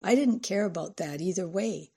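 A woman voicing a husband who reasons and soothes his upset wife, in a husky, mellow voice. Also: lowish voice, lively intonation, moderate pace. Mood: defensive. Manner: reasoning, placating, sighing. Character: middle-aged husband, patient and placating.

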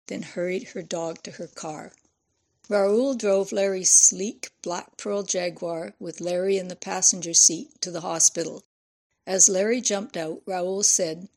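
A woman narrating an audiobook in a steady, measured way. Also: medium pitch, vocal fry.

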